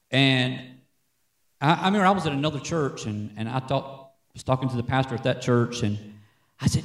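A man preaching to a congregation in an easy, conversational way, tossing out "Amen?" as he goes. His voice sits somewhat high and moves with lively swings in pitch. He is picked up from some distance in a roomy, echoing church. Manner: conversational preaching, frequent "Amen?" call-outs. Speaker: worship leader. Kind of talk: sermon. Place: church sanctuary.

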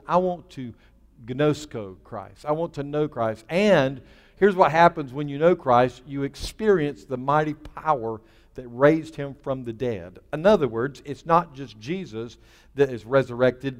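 A male pastor preaching a sermon, building to emphatic bursts and then dropping low and quiet. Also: in a large hall. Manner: emphatic, with rising bursts and dropping to a near hush.

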